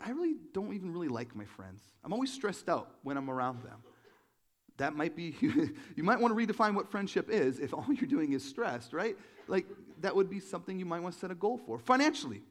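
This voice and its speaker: A male pastor giving a conversational sermon to his congregation, animated and full of joking asides. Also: high-pitched. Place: church room with a congregation.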